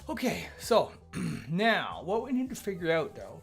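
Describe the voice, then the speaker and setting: A man's voice: on the high side, huge pitch swings, unhurried, vocal fry. A man hosting a live coding stream, chatting casually and thinking aloud, often stammering and repeating words. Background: faint chill background music.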